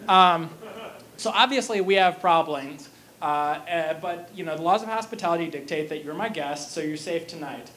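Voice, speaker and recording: A man with a high voice retells an opera's story as a humorous lecture. He talks casually and jokes freely, stumbling over fillers and restarts as he goes. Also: normal speed, fairly bright tone, slight background noise.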